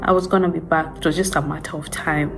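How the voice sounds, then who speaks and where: Low-voiced woman fighting back tears. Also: fairly even intonation, gravelly, music in the background, rough recording. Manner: halting, soft-spoken, tearful. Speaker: vlogger. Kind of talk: confessional vlog.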